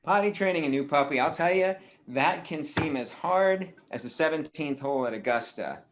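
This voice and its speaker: A man's voice: a little high, expressive, moderate pace, a bit bright, a little hiss or hum. A man playing a relentlessly cheerful golf caddy who gives folksy advice. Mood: chipper. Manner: upbeat, folksy golf talk. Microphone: video call.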